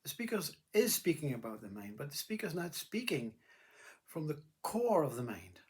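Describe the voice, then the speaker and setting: A man's voice: on the high side, big pitch swings, moderate pace. Rambling man musing on life and mind. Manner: meandering, repeats "you see" and "you know", blunt earthy words. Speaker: spiritual speaker. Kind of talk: rambling philosophical monologue.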